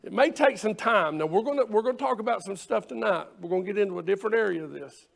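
A man's voice: high-pitched, lively intonation, fast, creaky. A male pastor preaching a sermon, quoting scripture in old-fashioned wording and repeating phrases for emphasis.

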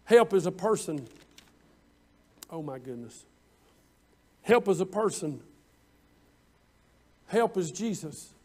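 A high-voiced man preaching a sermon. He leans hard on his words, slowing down and swelling in volume whenever he quotes scripture. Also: expressive. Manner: preaching with drawn-out emphatic lines, rising louder on scripture quotes. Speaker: pastor.

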